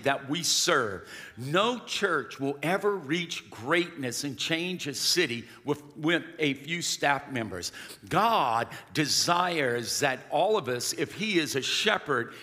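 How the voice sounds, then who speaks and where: Bright-voiced preaching man in a hall. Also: a little high. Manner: emphatic preaching with call-and-response. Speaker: pastor. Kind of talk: sermon. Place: church sanctuary.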